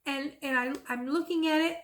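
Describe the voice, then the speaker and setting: A middle-aged Texas woman with a high-sitting voice talks at a normal speed, casually chatting about her cross stitch. She tells rambling stories and gets lively in the retelling.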